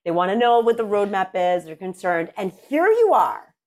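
A woman's voice: medium pitch, very animated, normal speed. Effusive woman podcast host. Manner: effusive and encouraging, voice dropping softly on heavy topics. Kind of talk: emotional interview conversation.

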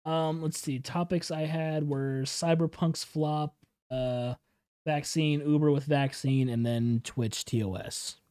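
A man's voice: a little high, fairly even intonation, slow, a little mellow, clear, resonant tone, no echo, clean studio sound. A man hosting a casual podcast with friends, laid-back and blunt, swearing freely. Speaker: podcast host. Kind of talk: casual chat among friends.

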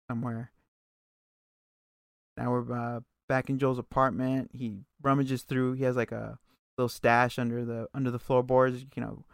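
A podcast co-host, a man with a gravelly, fry-heavy, mid-range voice, recaps a TV episode in relaxed, casual chat. He's loose and profane and tosses in quick asides. The sound is dry and close, with no room or echo around it.

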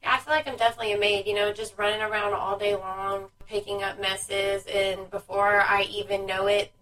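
A young woman chatting casually as a podcast co-host, an animated storyteller who swears freely. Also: mid-range voice, fairly quick, far from the mic, rough recording. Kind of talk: casual chat.

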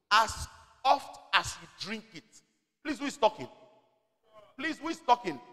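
A man preaching with a high, animated voice that climbs and falls freely, urging his congregation to answer back. He slows right down to read scripture with weight. His voice rings with the long reverb of a church hall. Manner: exhorting, call-and-response with the congregation; reads scripture slowly and deliberately. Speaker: senior pastor. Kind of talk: sermon. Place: church service.

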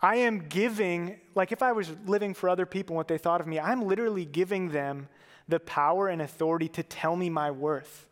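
A man's voice: high-pitched, brisk, long reverb tail. A man giving a sermon as a pastor, earnest and conversational, with casual fillers.

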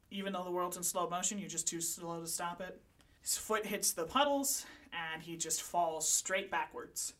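A woman's voice: lowish voice, a bit bright. Woman game master, dramatic storytelling narration.

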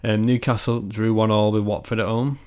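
Teasing man, lowish voice. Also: little pitch movement, moderate pace, darkish tone, clear, resonant tone. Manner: teasing, joking, reads results. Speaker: podcast co-host. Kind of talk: casual chat.

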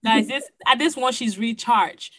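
High, bright, exuberant woman co-host. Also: a little slow, no room sound, poor audio. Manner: loud, exuberant hype, playful teasing. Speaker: podcast co-host. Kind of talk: casual chat.

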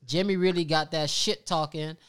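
A young man hosts a casual podcast, trading animated, joking slang with his co-host. His voice sits fairly high and sounds smooth and clean. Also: normal speed. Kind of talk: casual chat.

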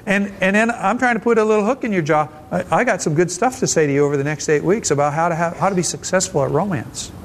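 Folksy, higher-voiced man preaching. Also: fast talker, few pauses, slight background noise. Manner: conversational and folksy, frequent restarts. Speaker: pastor. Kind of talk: sermon. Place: church service.

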